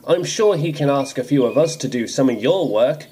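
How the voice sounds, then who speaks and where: A man voicing a calm, helpful male tank engine who speaks in a gentle, reassuring way, over music. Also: medium pitch, moderate pace, slight background noise, close to an everyday voice. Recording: music playing under the voice.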